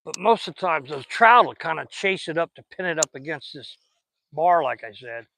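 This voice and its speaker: A man's voice: a little high, expressive, moderate pace, a bit bright, slight background noise, rough recording. A man with a Southern US accent chatting in a folksy, rambling way while fishing outdoors on a river. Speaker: fishing vlogger. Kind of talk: casual chat while fishing.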